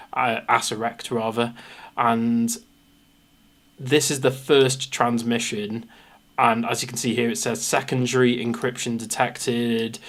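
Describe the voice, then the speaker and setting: A young man from England with a Midlands accent, chatting through a live reaction stream, rambling and poking fun at himself. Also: medium pitch. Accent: English Midlands. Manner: rambling, self-mocking, jumps between topics.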